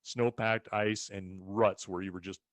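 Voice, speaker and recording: Speaking at a measured pace in a lowish voice, this man comes through with no room sound. He hails from the rural western United States and, as a ranch co-host, tells easygoing family stories while acting out what others said.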